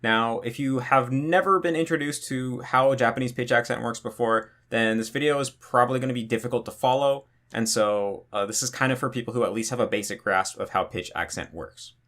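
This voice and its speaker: A man teaching in a relaxed explanatory tutorial, thinking aloud with frequent fillers. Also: medium pitch, brisk, hardly any pauses. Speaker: language teacher.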